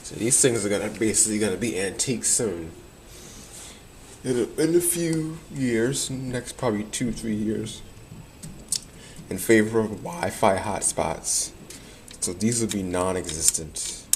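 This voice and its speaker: A young man talks casually to the camera, rambling through old memories and laughing often. His voice sits a little low. Faint outdoor ambience can be heard behind him. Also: unhurried, a little mellow, a little hiss or hum. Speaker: vlogger.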